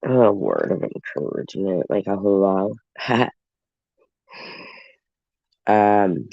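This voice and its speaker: A man's voice: low voice, expressive, slow, gravelly, warm tone, dry recording. A congested man, hosting a livestream and rambling casually to his viewers. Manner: rambling, talks straight to viewers. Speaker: livestream host. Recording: dull lo-fi stream audio.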